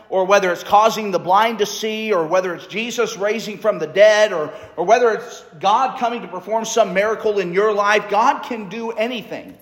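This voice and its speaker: A man preaching a sermon in a conversational way, reading scripture aloud. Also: high voice. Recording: echoey hall reverb.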